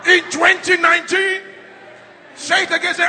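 A very high-pitched man, his pitch barely moving, preaches a fervent charismatic sermon at a moderate pace. He guides the crowd through repeated call-and-response decrees, often shouting them. The recording comes from an echoing large church hall with faint music.

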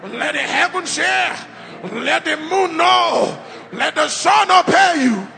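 A man's voice: extremely high pitch, lively intonation, slow pace, vocal fry. A man preaching a fervent charismatic sermon, leading the crowd in repeated decrees and calls to repeat after him. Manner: repetitive call-and-response decrees, often shouted. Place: large church hall. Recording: echoey church hall with faint music.

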